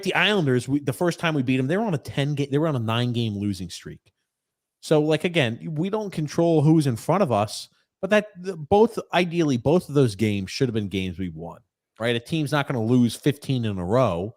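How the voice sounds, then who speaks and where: Animated man hosting a sports podcast. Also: medium pitch, moderate pace, no room sound, clean studio sound. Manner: animated, reads listener comments, swears casually. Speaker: podcast host. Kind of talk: casual sports chat.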